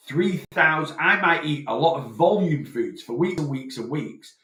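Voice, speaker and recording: A man's voice: mid-range voice, fairly bright tone, echoey room. A man from Northwest England with a Lancashire accent, a weight loss coach answering questions in a live chat and checking in with "right?" as he explains. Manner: explanatory, peppers talk with "right?".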